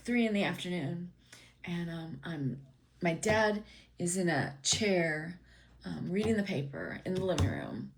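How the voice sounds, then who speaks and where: A woman telling a personal story in a casual, meandering way, with many ums, acting out her father's lines. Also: lowish voice.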